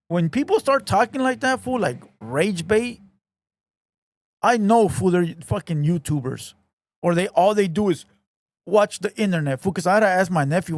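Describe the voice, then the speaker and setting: A man with a slightly high voice, talking in a blunt, swearing, laid-back street way. His sound is close and dry, with no room behind it. He chats casually as a stream host. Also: lively intonation, moderate pace, no room sound. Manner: profane, blunt, laid-back street slang, calls everyone "fool". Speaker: podcast host reading viewer comments. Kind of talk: casual livestream chat.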